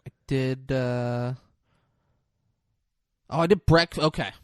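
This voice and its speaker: A man's voice: mid-range voice, slow, clear, resonant tone, no room sound, studio quality. A young man hosting a podcast in loose, joking banter, swearing freely. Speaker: podcast host.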